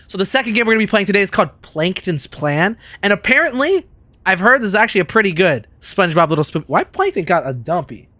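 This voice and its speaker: A young man in his twenties, commentating a game playthrough, loud, excitable and swearing a lot. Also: sits high, fast talker, no room sound. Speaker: gaming streamer. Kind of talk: let's play commentary.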